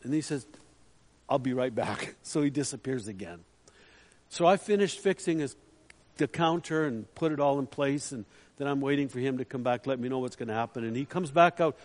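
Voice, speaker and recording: A man's voice: medium pitch, brisk, a little mellow. A man preaching a storytelling sermon in a chatty way, putting questions to the listeners. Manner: chatty, asks the audience questions. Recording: long hall reverb.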